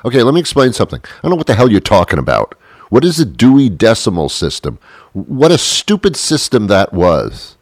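Deep-voiced man, rambling and sarcastic. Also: wildly swooping pitch, brisk, a little mellow, no room sound, clean studio sound. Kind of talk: comedic monologue.

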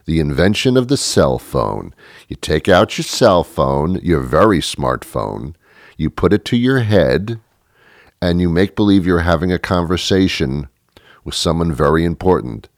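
A man rambles through a comic monologue of tongue-in-cheek advice. His voice sits extremely low. The sound is dry and close, with no room around it. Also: big pitch swings, a little slow, dry recording. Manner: rambling, joking, conspiratorial advice. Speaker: comedic monologue host.

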